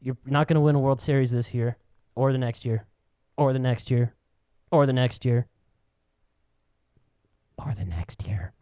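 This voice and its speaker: A man's voice: medium pitch, steady tone, normal speed, mellow, smooth, no room sound. A man co-hosting a casual podcast, telling stories in a profane, ranting way. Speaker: podcast co-host.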